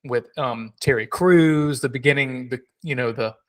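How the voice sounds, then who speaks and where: A man's voice: medium pitch, moderate pace, fairly bright tone. Rambling joking podcast guy. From South Carolina. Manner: rambling, joking, many restarts. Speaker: podcast co-host. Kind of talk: casual podcast chat.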